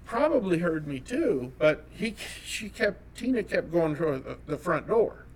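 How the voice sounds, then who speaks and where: A man from California telling a personal story as an interview guest, animated and acting out the dialogue. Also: fairly high pitch, measured pace, husky. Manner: animated, acts out quoted dialogue.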